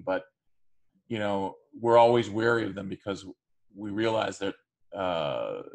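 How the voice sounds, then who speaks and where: A man giving a recorded class lecture, speaking loosely with frequent fillers and restarts. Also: medium pitch. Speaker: teacher.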